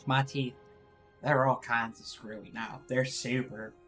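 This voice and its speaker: Chatting live in an exaggerated, fake East Texas drawl, this male VTuber rambles and keeps cracking himself up. He speaks unhurriedly in a mid-range, somewhat bright voice with fairly even intonation, over soft background music.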